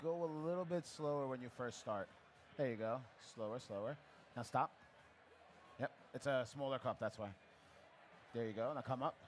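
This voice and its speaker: A man's voice: medium pitch, slight background noise. A man who teaches latte art, coaching a guest through live pours at a coffee festival in a chatty, encouraging way. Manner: encouraging, chatty, gives quick pouring cues. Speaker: barista instructor. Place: coffee festival demo area.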